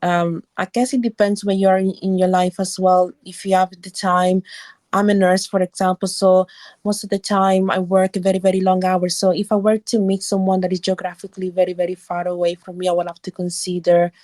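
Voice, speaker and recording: A British woman from Cambridge, a nurse, calling into an online audio chat room and talking things over in a measured, thoughtful way with frequent restarts. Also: on the low side, flat delivery, darkish tone, dry recording. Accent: British English, Cambridge area. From England. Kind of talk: casual chat. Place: home, remote audio chat call.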